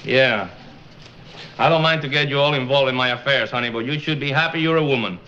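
An actor with a Cuban Spanish accent playing a hungry, harried husband in a 1950s TV sitcom, good-natured and chuckling. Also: male voice, mid-range voice, fairly quick, pushed and bright, lo-fi sound, a little hiss or hum, lightly acted. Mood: affectionate.

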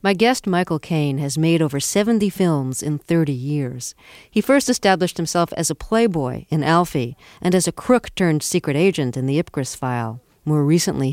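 A woman hosting a radio interview, reading a crisp scripted introduction and asking short questions. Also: sits low, a little mellow, no room sound, studio quality. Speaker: radio host.

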